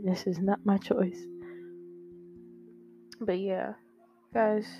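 A woman's voice: mid-range voice, creaky, mellow. A young woman hosting a podcast, talking in a rambling, candid confessional way with many fillers and some swearing into a microphone. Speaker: podcast host. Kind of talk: casual confessional monologue. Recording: dull lo-fi audio with faint guitar music.

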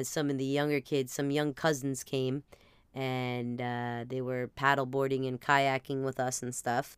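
A woman's voice: deep voice, clean tone, dry recording, clean studio sound. A woman with a New Jersey accent, hosting a podcast and telling rambling, self-mocking comic stories. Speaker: podcast host. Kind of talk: comedic storytelling monologue.

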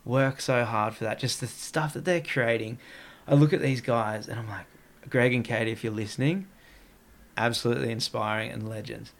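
A man talks in a loose, meandering way, leaning on "like" as he goes. His voice is gravelly with a creaky edge, sitting at an ordinary middle pitch. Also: steady tone, normal speed. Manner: rambling, heavy use of "like". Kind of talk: casual podcast chat.

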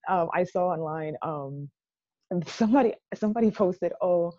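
Dark-voiced young woman, casual chat. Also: fairly low pitch, normal speed. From Jamaica. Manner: animated, emphatic, laughing asides. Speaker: podcast co-host. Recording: dull lo-fi sound.

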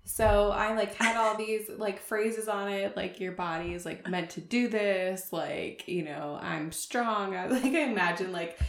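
A woman's voice: mid-range voice, slow, few pauses, noisy background. Chatty young woman in an echoey room. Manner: chatty, lots of fillers, laughs often. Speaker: podcast co-host sharing her birth story. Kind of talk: casual chat.

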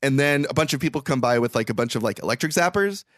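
A man co-hosting a podcast, retelling a movie in a sarcastic, animated way and swearing now and then. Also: medium pitch, fast talker, no room sound, clean studio sound. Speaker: podcast co-host. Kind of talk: casual movie recap chat.

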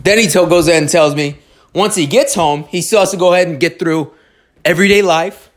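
A man's voice: a little high, a little fast. A man in a casual monologue who talks bluntly and swears freely, stumbling over restarts as he tells a story and gives earnest, motivational advice. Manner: blunt, profane, restarts a lot. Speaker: storyteller giving life advice.

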